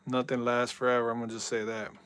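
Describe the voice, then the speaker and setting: A man live-streaming a football video game in casual chat, reading out viewer messages and yelling at big plays. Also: medium pitch, level tone, fast, smooth.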